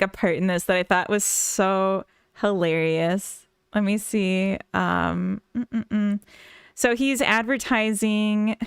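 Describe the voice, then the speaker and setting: A woman's voice: mid-range voice, smooth, no room sound, studio quality. A Minnesotan woman chatting casually with viewers on a live stream, rambling and giggling often. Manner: giggly, rambling, full of fillers. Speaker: live-streaming game developer.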